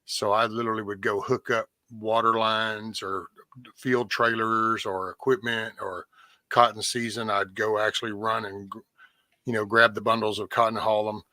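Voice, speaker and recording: A man's voice: moderate pace, dry recording. A man hosting a casual podcast chat, telling a story with lots of swearing and acting out the other people's voices. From Texas. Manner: animated storyteller, jumps in pitch acting out voices, swears freely. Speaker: podcast host.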